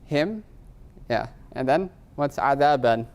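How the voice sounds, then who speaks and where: A middle-aged man teaching Arabic grammar in a live class, his voice smooth and resonant at an ordinary pitch. He explains patiently, keeps checking in with his students, and slips Arabic terms into his English. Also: animated, measured pace.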